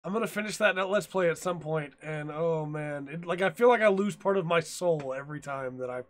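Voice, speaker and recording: A man's voice: on the high side, fairly quick. A young man co-hosting a gaming podcast in casual chat, laughing often and telling stories with animation. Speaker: podcast co-host.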